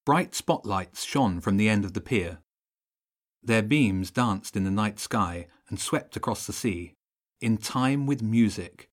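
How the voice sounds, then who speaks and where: A man reading a children's audiobook in steady, measured narration. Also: lowish voice.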